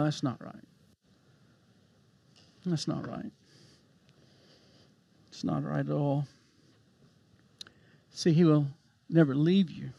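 A man preaching a sermon, swinging from hushed, gentle passages to emphatic, impassioned ones. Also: fairly high pitch, vocal fry. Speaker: pastor.

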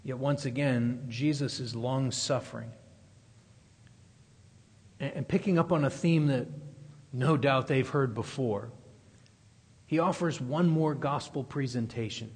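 Husky-voiced preacher in a reverberant hall. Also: male voice, medium pitch, unhurried, pauses often, a little mellow. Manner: emphatic, repeating key phrases and building intensity. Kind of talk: expository sermon. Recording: long reverb of a large hall.

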